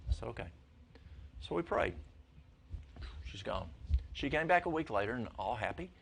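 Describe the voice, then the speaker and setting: An older man telling folksy stories to a church congregation, his voice jumping high when excited. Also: normal speed, creaky, slight background noise. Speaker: lay speaker at church. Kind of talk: storytelling talk to a congregation.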